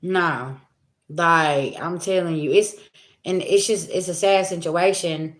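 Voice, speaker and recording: A woman's voice: fairly low pitch, fairly even intonation, takes it slowly. Blunt, emphatic woman in an echoey room. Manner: blunt, emphatic, profane, repeats herself. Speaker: spiritual reader. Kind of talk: casual monologue to viewers.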